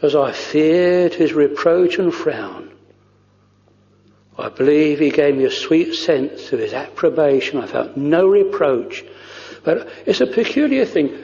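A man's voice: on the high side, lively intonation, unhurried, darkish tone, in a large hall, highs cut off. A man preaching a fervent, old-fashioned sermon, weaving hymn lines into his words. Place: church.

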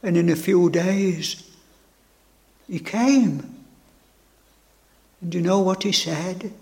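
A man's voice: sits high, slow, creaky, a little mellow. A man preaching a sermon with fervent, repeated phrases and stammered restarts. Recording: long hall reverb.

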